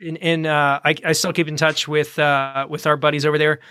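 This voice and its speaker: A man co-hosting a podcast in casual chat, relaxed and rambling with plenty of fillers. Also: on the high side, fairly quick, clean tone, no echo. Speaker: podcast co-host.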